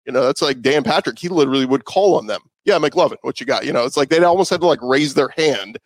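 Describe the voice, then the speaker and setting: A man's voice: mid-range voice, lively intonation, fast talker. A man who works as a sports radio host, talking casually in an interview, loose and conversational with many fillers and restarts.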